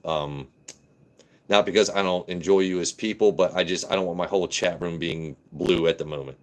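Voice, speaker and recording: A man from Southern Maryland hosting a casual livestream, talking to his chat and letting his voice drop deep and blunt. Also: steady tone, moderate pace. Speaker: livestream host.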